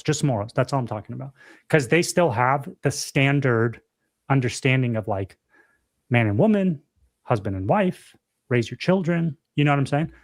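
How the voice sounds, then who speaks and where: A young man in casual podcast chat, pressing his points hard and saying them twice. He drops dude and bro as he goes, with an ordinary middle pitch. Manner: emphatic, repeats himself, says dude and bro. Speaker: podcast co-host.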